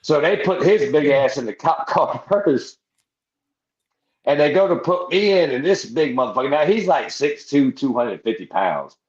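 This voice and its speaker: A man, a veteran guest on a podcast, telling a long rowdy anecdote with lots of swearing and laughing asides. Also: fairly high pitch. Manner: profane, rambling anecdote with laughs. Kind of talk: casual storytelling. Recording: roomy, slightly dull sound.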